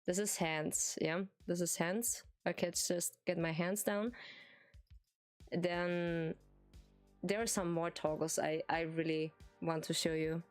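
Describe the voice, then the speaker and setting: With faint music in the background, a German-accented woman streamer, a native German speaker, chats casually in English. Her voice is lowish with fairly even intonation and a slow pace, and she's hesitant and giggly, using many fillers and restarts.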